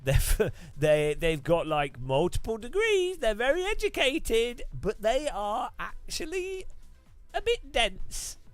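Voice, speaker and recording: A man's voice: very high voice, wildly swooping pitch, takes it slowly, dry recording, soft background music. A man chatting casually while sim racing, rambling and chuckling. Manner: rambling, chuckling, lots of restarts. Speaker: streamer.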